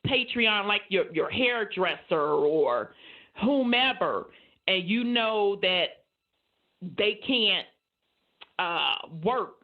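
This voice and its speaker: A woman co-hosting a casual talk show, speaking bluntly and with a lot of profanity. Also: medium pitch. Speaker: podcast co-host. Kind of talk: casual opinionated chat. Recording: muffled lo-fi audio.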